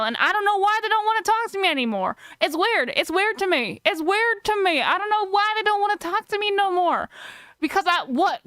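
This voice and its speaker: A woman's voice: sits high, pushed and bright, dry recording. A woman voicing a rambling, gun-obsessed Texan character with a put-on Texas accent and a boastful drawl. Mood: defiant.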